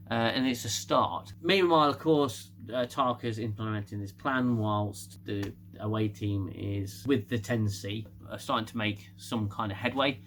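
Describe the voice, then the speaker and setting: A man's voice: medium pitch, normal speed, hardly any pauses, slight background noise. A man casually recapping a TV episode, rambling with restarts and laughing often. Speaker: TV show reviewer.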